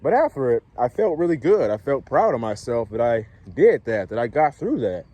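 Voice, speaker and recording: A man, a dating coach, talking casually to camera in a relaxed way, chuckling often and checking in with the listener. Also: mid-range voice, normal speed.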